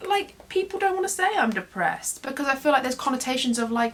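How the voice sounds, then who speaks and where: A woman's voice: high-pitched, animated, fairly quick, hardly any pauses, fairly bright tone. Young woman, beauty vlogger, casual makeup chat, rambling, self-deprecating. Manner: chatty, rambling, self-deprecating, lots of fillers. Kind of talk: casual get-ready-with-me chat.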